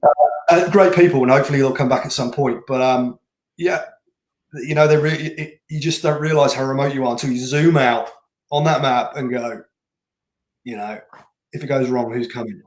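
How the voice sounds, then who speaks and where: A man's voice: medium pitch, fairly even intonation, normal speed. Guy running a race, blunt and chatty, lots of restarts, echoey room. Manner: blunt, laughs easily, many restarts. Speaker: race director. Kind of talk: casual interview chat. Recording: roomy echo.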